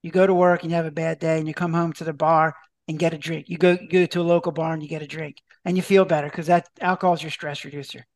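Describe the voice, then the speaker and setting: Chatty doctor talking with restarts. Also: male voice, fairly high pitch, flat delivery, fast talker, no room sound. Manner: chatty, acts out dialogue, many restarts. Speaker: doctor and author, guest. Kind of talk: podcast interview.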